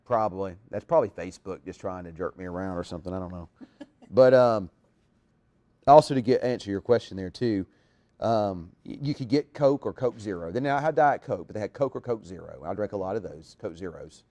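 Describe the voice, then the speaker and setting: A man's voice: low voice, animated, brisk, dark tone. A man hosting a casual live chat show, talking in a rambling way with lots of restarts.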